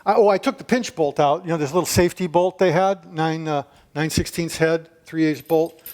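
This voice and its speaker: A man's voice: on the high side, moderate pace, a little mellow. A man giving a hands-on repair demonstration in his home gym, chatting and talking to himself as he works. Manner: chatty, talks to himself while working. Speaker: DIY video maker.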